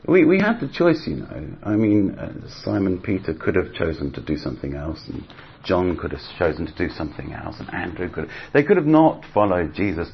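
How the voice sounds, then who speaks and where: A man's voice: sits low, vocal fry. A man preaching a sermon in a chatty, conversational way, acting out voices as he retells stories. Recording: slightly dull audio with faint background noise.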